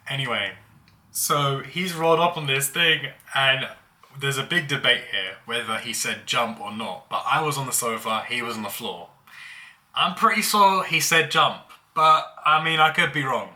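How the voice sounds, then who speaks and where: A man's voice: mid-range voice, sharp tone. A young man casually telling childhood stories, laughing as he goes. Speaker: vlogger. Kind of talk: casual storytelling.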